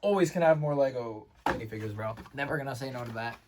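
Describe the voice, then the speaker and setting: A man recapping his day in a casual vlog, rambling and excitable, with lots of fillers and restarted sentences. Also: medium pitch, fast, recorded from a distance, heavy background noise. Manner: rambling, filler-heavy, says "like" and "bro" constantly. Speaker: vlogger.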